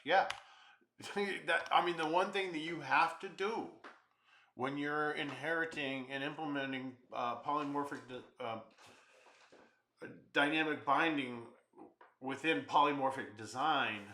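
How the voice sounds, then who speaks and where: A man's voice: mid-range voice, sharp tone, reverberant, slight background noise. A man teaching programming, thinking aloud and muttering as he works through errors in a live coding walkthrough. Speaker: programming instructor.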